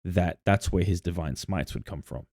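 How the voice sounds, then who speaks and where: A man's voice: sits low, normal speed, a little mellow, dry recording, studio quality. A man co-hosting a podcast, recounting his tabletop campaign in rambling casual chat full of fillers and restarts. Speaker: podcast co-host and game master.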